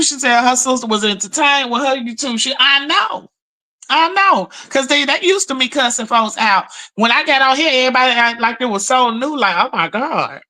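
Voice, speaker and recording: Animated bright-voiced woman streamer. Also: high-pitched. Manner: profane, animated storytelling with chat shout-outs. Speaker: livestream host. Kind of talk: casual livestream chat.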